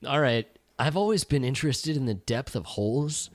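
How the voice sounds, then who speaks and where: A man's voice: medium pitch, lively intonation, moderate pace, heavy background noise, natural voice. A man voicing a bewildered young male hacker hero in a comedy parody, flustered and sardonic. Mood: dry.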